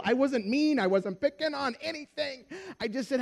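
A man's voice: very high-pitched, moderate pace, gravelly. A man preaching a sermon, telling a story with acted-out dialogue. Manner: animated storyteller acting out dialogue.

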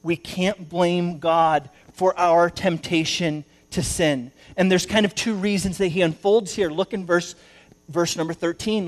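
A male pastor giving a sermon, telling a story and swinging between loud emphasis and hushed asides. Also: high voice, steady tone, a little slow.

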